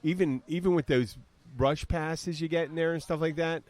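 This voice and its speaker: A podcast host in his fifties from the southern United States speaks at normal speed in a somewhat high, slightly mellow voice with a steady tone. He rambles casually through stories, imitating voices as he retells them.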